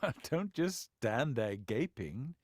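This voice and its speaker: A man's voice: mid-range voice, very animated, slow pace, darkish tone, no room sound, studio quality. A man voicing a commanding male leader in an audiobook, firm and dryly humorous. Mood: brisk. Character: commanding male teacher, brisk and wry. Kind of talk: audiobook character voice.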